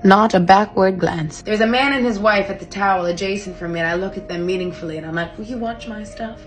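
Young woman, vlog storytime, animated self-mocking delivery, echoey room, faint music underneath. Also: mid-range voice, fast talker. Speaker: vlogger. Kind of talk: comedic storytime while doing makeup.

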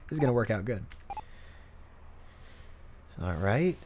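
A man's voice: fairly low pitch, animated, unhurried, heavy background noise. A man casually commenting while playing a video game, chatting to himself about what happens on screen. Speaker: let's play host.

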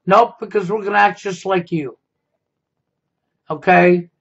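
A man's voice: high voice, unhurried, vocal fry. A man giving a confrontational monologue as a commentator, often ending his points with a pointed "okay?". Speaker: YouTube commentator. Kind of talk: accusatory monologue. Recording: dull lo-fi sound.

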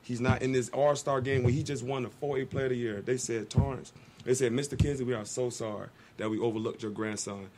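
A man talking quickly and animatedly, jumping into the voices of the people in his story. His voice sits in a middle range, with a faint hiss behind it. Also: medium pitch. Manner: animated, acts out quotes. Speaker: guest storyteller. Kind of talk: casual storytelling.

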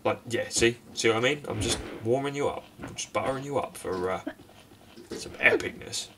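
A man giving sarcastic, self-mocking commentary over a game he plays, breaking into quick outbursts at it. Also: mid-range voice, far from the mic, noisy background. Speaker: gaming commentator. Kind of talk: let's play commentary.

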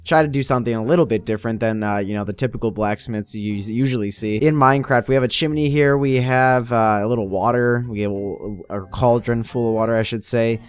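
A man's voice: medium pitch, brisk, hardly any pauses, clear, resonant tone. A young man casually commenting on his Minecraft gameplay, chatty and upbeat, talking straight to his viewers. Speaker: Minecraft YouTuber.

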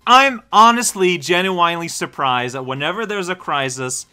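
A man's voice: high voice, normal speed, sharp tone, clear, resonant tone. A man casually commenting over a video game he is playing, joking and rambling. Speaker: let's play host. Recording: voice over game audio and music.

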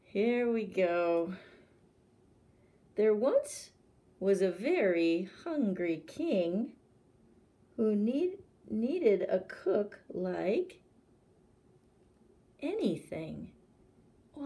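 A woman librarian reading a picture book aloud to children in a gentle, animated storytelling manner. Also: mid-range voice, extremely slow, pauses often.

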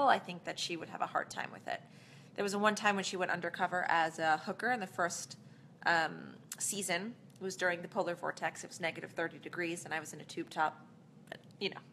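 An actress casually answering fan questions in a live Q&A, chatty and rambling, with plenty of fillers and small laughs. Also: female voice, fairly low pitch, bright, forceful tone, slight background noise.

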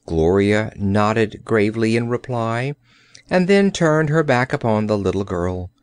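A man narrating a children's fantasy audiobook with expressive storytelling. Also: lowish voice, measured pace, clear, resonant tone, dry recording. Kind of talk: scripted narration.

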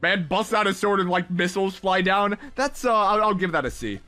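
A young man giving casual, excitable reaction commentary, ranking game emotes with lots of slang. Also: sits high, brisk. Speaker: gaming content creator.

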